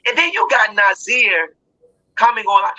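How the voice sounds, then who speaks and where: A woman hosting an online talk panel, speaking with impassioned emphasis and often raising her voice to a shout. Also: medium pitch, lively intonation, measured pace, muffled recording. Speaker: host of online talk show.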